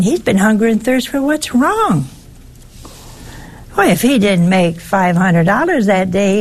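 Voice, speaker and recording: A woman, older, preaching a sermon with lively, teasing rhetorical questions. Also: medium pitch, husky.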